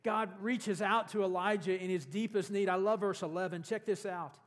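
High-voiced preacher in a reverberant hall. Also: male voice, fairly even intonation, moderate pace. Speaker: pastor. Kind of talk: sermon.

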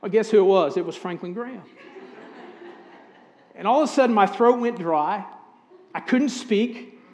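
High-voiced pastor preaching in a reverberant hall. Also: male voice, moderate pace, a little mellow. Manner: earnest, direct address to congregation with scripture readings. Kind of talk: sermon. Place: church sanctuary.

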